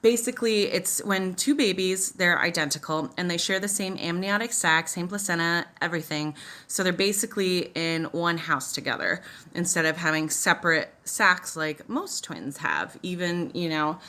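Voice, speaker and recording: A woman's voice: fairly low pitch, animated, moderate pace, pushed and bright. A woman chatting casually through a makeup tutorial while telling a personal story, rambling with lots of "like" and "you know". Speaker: beauty vlogger and mother.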